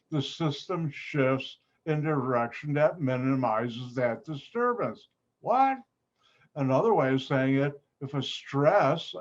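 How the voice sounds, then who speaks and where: A man with a Chicago accent teaching an online chemistry lab, joking with the class and breaking into sudden high exclamations. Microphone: video call. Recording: slightly dull video call audio.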